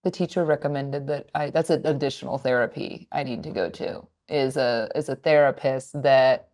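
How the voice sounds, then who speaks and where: A woman in her thirties co-hosting a casual podcast, chatty and expressive, often mimicking voices in her stories. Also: rumbling low, moderate pace. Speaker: podcast co-host. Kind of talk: casual chat.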